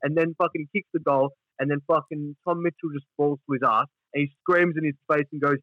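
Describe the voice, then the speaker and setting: A man's voice: a little high, a little fast, hardly any pauses, no echo, dull audio. A man with an Australian accent co-hosting a casual sports podcast, sweary and mocking. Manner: sweary, mocking, mimics players in flat voices. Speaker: podcast co-host.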